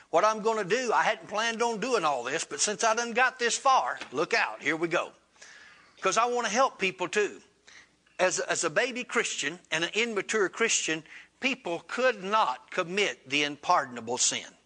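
Male pastor, sermon storyteller; high, forceful tone, animated delivery. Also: normal speed. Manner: animated, acts out dialogue with rising pitch.

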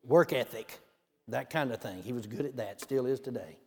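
A man's voice: mid-range voice, moderate pace, warm tone, husky. A man telling a minister's testimony in a folksy way, with many "you know" asides. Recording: long hall reverb.

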